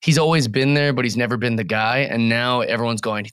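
A man of middle pitch speaks in a dry, close recording, talking loosely and thinking aloud. He asks questions and chips in with his own take. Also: steady tone, fairly quick, fairly bright tone, smooth, dry recording. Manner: asks questions, reacts with laughs. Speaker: podcast co-host. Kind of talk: casual chat.

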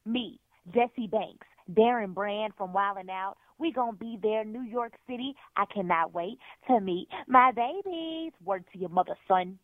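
A woman comedian plugging her tour in a loud, hyped, rambling promo. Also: medium pitch, unhurried, hardly any pauses, dry recording. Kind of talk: promo read. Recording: tinny phone-like line.

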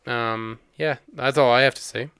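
A man's voice: mid-range voice, fairly even intonation, moderate pace, sharp tone, smooth, no room sound. A man co-hosting a podcast, reviewing a horror film in casual chat, swearing freely and filling his talk with "like". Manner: casual, swears freely, lots of filler words. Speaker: podcast co-host.

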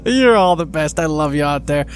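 A man co-hosting a casual podcast, upbeat and excitable, laughing often. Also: a little high, normal speed. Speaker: podcast co-host. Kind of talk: casual chat.

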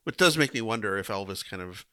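A man's voice: fairly low pitch, animated, fast, bright, forceful tone, clean tone. A man co-hosting a podcast, musing in casual chat, hesitant and trailing off. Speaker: podcast co-host.

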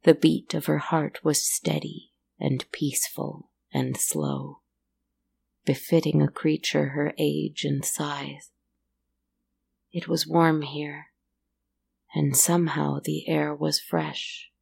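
Slow, creaky-voiced woman storyteller. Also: low voice. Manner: calm, slow and measured. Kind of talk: storybook narration.

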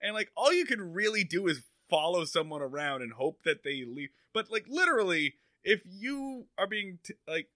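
A man chatting on a podcast, tossing out jokes and quick asides. His voice sits high and swings widely in pitch, with a sharp, bright edge. The sound is close and dry. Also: sing-song, no echo. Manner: joking, riffing, quick asides. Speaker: podcast co-host. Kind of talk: casual comedic chat.

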